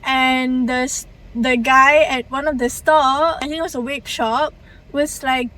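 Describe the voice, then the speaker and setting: A young woman with a Malaysian English accent, talking to camera in a chatty, expressive vlog. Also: high voice, a little slow. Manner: chatty and expressive, swings between mumbled and excited. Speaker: vlogger. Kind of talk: casual vlog talk to camera.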